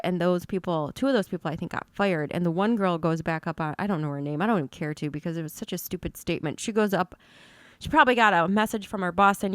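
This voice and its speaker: A woman's voice: on the low side, no room sound, clean studio sound. A woman co-hosting a podcast in casual chat, blunt and opinionated, swearing freely. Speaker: podcast co-host.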